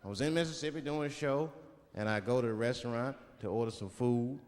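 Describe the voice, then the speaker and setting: A man doing stand-up, telling a profane story with animated asides. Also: medium pitch, fairly quick, long reverb tail. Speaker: stand-up comedian. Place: comedy club stage. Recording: live club set with noisy audience. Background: audience laughter and chatter.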